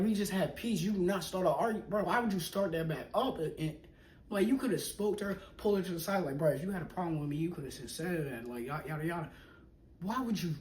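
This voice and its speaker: A young man casually telling a personal story in slangy talk, acting out what people said and often dropping to a hush. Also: a little high. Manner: animated, slangy, acts out quoted people, often drops to a hush. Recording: echoey room, mic at a distance, faint noise.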